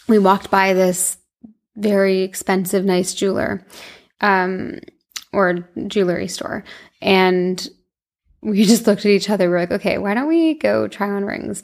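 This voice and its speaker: Young woman vlogger, twenties, creaky edge, rambling heartfelt storytelling. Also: medium pitch. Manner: chatty, emotional, many fillers and restarts. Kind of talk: casual storytelling to camera.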